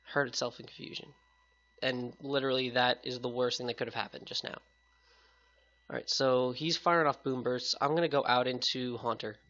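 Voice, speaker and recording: A man talking through a competitive game match in a casual, chatty way, his voice bright and a little sick-sounding. It comes through a headset mic with a dull, lo-fi sound. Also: mid-range voice, steady tone, fairly quick. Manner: casual, upbeat, chatty with viewers. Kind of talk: casual gameplay commentary.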